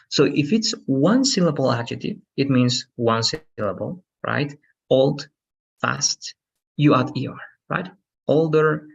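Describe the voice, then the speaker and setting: A man with a husky voice, heard as dull, lo-fi call audio, teaches an English grammar lesson. He is patient and repeats each rule, checking in with "right?". His pitch sits mid-range.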